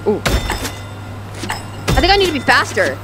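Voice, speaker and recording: A woman playing a VR game and commenting as she goes, excitable and quick to yelp apologies. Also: high-pitched, very noisy. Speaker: gaming YouTuber. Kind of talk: let's play commentary.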